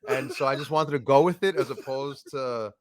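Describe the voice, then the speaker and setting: A man's voice: mid-range voice, moderate pace. A man co-hosting a casual podcast, joking and teasing his partner. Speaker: podcast co-host. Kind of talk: casual chat.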